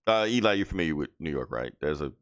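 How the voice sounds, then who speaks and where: A man's voice: a bass voice, lively intonation, fast, a bit bright. A man co-hosting a podcast, chatting casually about comics and summing up a book. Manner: easygoing, reacts with laughs and short comments. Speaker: podcast co-host.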